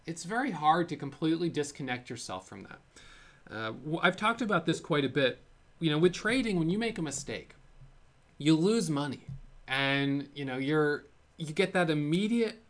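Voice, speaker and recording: A man's voice: mid-range voice, a bit bright. A man hosting his own trading show, talking candidly and a bit self-critically, with frequent fillers as he tells stories from his own trading. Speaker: host of a day-trading show. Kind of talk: casual solo talk to camera.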